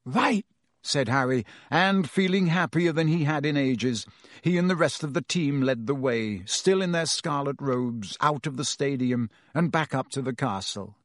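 A man reading a story aloud as an audiobook narrator, with a lively, dramatic delivery. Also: mid-range voice, moderate pace, dry recording, clean studio sound.

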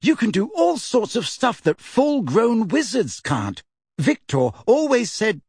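A man's voice: high voice, wildly swooping pitch, measured pace, darkish tone, husky, dry recording, clean studio sound, pitched above the performer's own voice, heavily acted. Hermione, voiced by a man, earnest teen witch. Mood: earnest, pleading. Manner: raised, earnest, persuasive delivery. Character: earnest, eager teenage girl student witch. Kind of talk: audiobook character voice.

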